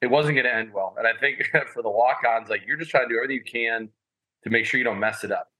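A man on a podcast telling stories about his college sports days in a rambling, animated way with lots of fillers. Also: mid-range voice, quick pace, rough recording. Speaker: podcast guest, former college walk-on athlete. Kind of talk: casual storytelling.

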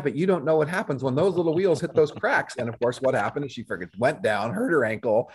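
A middle-aged man talks at a quick clip as a guest on a podcast. His pitch sits in an ordinary middle range, and he tells animated stories full of acted-out quotes in a relaxed conversational way. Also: slightly rough. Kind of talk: casual conversation.

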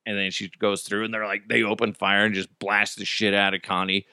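A man's voice: lowish voice, a little fast, clean tone, dry recording. A middle-aged man hosting a casual solo podcast, telling crude jokes and stories while hiccuping. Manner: crude, joking, animated storytelling. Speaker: podcast host.

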